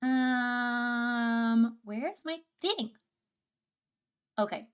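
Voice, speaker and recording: A woman's voice: fairly high pitch, extremely slow, clear, resonant tone. A young woman streaming a reaction video, chatting casually with a bubbly, giggly and easily sidetracked manner. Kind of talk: casual livestream reaction chat.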